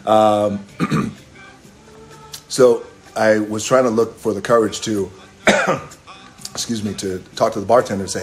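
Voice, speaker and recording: Laid-back man telling a story, low voice. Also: fairly even intonation, slow pace, pauses often, soft background music. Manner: laid-back, rambling, swears casually, breaks into singing. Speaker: livestream host telling a story. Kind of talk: casual storytelling on a live stream. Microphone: phone camera.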